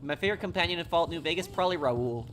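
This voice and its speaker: A man's voice: a little high, rapid-fire, a bit bright, slight background noise. A man from New York chatting casually on a live stream, answering viewer questions while he plays, rambling and a bit apologetic. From New York, USA. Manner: rambling, apologetic, talks over gameplay.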